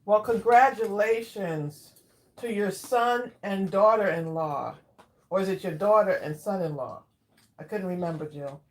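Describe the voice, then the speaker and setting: A woman hosting a casual craft livestream, chatting warmly with viewers by name and drawing out her exclamations while she eats. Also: medium pitch, a little slow. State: eating while talking. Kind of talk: casual live chat with viewers.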